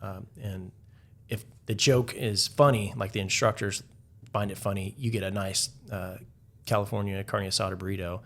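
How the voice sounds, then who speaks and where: A man's voice: lowish voice, steady tone, moderate pace, fairly bright tone. A man, a guest on a podcast, telling stories casually with many filler words and a chuckle now and then. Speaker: podcast guest, Navy veteran. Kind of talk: casual storytelling interview.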